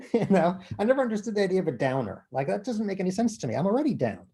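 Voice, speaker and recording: A man interviewed as an author, talking in an animated, self-deprecating and profane way. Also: high voice, fast, husky. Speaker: author guest. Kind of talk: conversational interview. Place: bookstore event.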